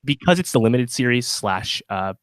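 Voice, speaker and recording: A man's voice: mid-range voice, expressive, normal speed, fairly bright tone, smooth, no echo. A man co-hosting a podcast, chatting casually through a TV review with plenty of fillers and restarts. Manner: rambling, many fillers and restarts. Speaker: podcast co-host.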